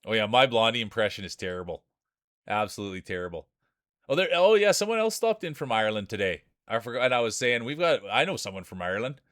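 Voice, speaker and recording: A man's voice: lowish voice, big pitch swings, quick pace, a bit bright, no echo, studio quality. A man streaming live, calling marble races like a sports announcer, with chatty asides to his viewers. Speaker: streamer and race commentator. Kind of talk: live marble race commentary.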